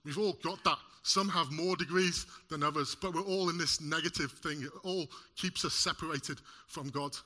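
A man preaches to a congregation with a very bright, ringing tone, pitched a little high. He talks in an animated way, using props and joking with the listeners. The sermon is lively and personal. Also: normal speed, few pauses. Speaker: lay preacher. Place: church service in front of a congregation.

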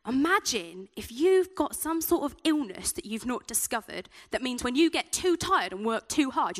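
A woman's voice: on the high side, fairly bright tone. A woman preaching a sermon in a chatty, self-deprecating way, telling personal stories.

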